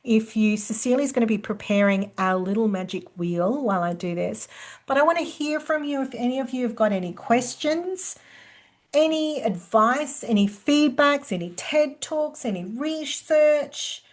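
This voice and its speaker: Woman webinar presenter, slightly high-pitched, lively teaching delivery. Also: normal speed. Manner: lively, acts out quoted dialogue.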